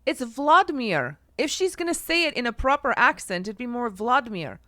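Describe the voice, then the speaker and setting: A woman co-hosts a podcast, blunt and swearing freely in casual chat. Her voice is high and lively in pitch. The recording is dry and close. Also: fairly quick, dry recording. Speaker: podcast co-host.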